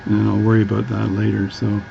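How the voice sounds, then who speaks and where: A man's voice: on the low side, completely flat delivery, fast talker, creaky, warm tone, highs cut off, a little hiss or hum. A Canadian man with a Canadian accent, chatting casually as he works through a watch repair, rambling and restarting often. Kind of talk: casual workbench tutorial.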